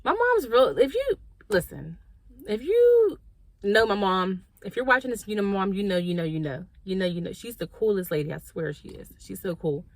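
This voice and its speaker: Brisk and mid-range, this woman's voice comes through a dry recording as she tells her viewers a personal story in a storytime vlog. She calls them y'all, keeps it slangy and direct, and animatedly acts out what others said.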